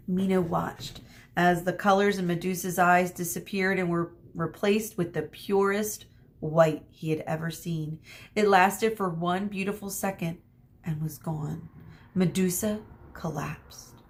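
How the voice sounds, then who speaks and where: Slow, expressive teacher reading aloud. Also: female voice, fairly low pitch. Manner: expressive, with asides to listeners. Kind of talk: reading a chapter book aloud to children.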